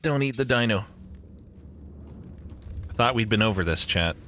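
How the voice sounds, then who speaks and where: Deep-voiced, animated male streamer. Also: normal speed, a little hiss or hum. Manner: swears a lot, chats with viewers, sarcastic. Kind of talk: live game stream commentary.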